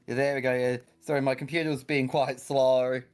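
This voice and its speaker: A man's voice: medium pitch, level tone, brisk. A man with an Australian accent chatting casually as a guest on a stream call, laughing often. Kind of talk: casual chat.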